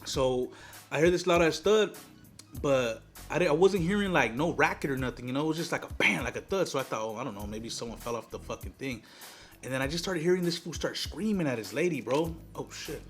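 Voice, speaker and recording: A man's voice: a little high, lively intonation, fairly quick, soft background music. Laid-back slangy young man telling a story. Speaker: mukbang host. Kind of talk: casual storytelling while eating.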